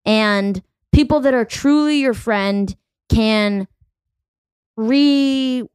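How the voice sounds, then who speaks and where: A woman in her thirties hosting a podcast, talking in a blunt, profane, quick-joking way. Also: fairly high pitch, darkish tone, clean tone, no room sound. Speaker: podcast host. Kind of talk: casual podcast chat.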